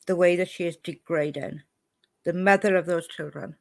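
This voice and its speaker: A woman's voice: on the low side, fairly even intonation, normal speed, no room sound. An upset, indignant woman from Wales reacting angrily to a clip she has just played for her viewers. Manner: indignant, confrontational. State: upset, emotional. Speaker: reaction video host.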